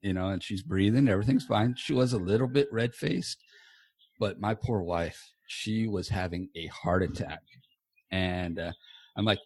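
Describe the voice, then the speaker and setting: Guy hosting a podcast from his home office, low-ish voice, dry close sound, rambly and swears a bit. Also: normal speed, dry recording. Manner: rambling, loose, swears casually. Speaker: podcast host. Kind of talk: casual chat. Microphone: earbuds.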